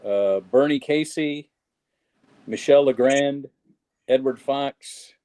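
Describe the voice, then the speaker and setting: A man's voice: medium pitch, slow, warm tone. A man in a casual chat among comedians, reading off film facts with some hesitation. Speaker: comedian guest.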